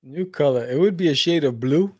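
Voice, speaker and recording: A cheerful man talks as a podcast guest, his voice sitting a bit high for a man. He laughs easily between short answers, and the recording is dry and close. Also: fairly quick, dry recording. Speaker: guest, comic creator. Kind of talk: casual podcast interview.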